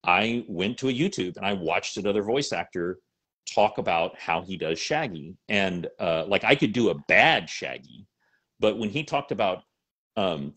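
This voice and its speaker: A middle-aged man and voice actor chatting in an interview, animated and rambling with lots of fillers. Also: deep voice, normal speed. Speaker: voice actor and salesman. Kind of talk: casual interview chat.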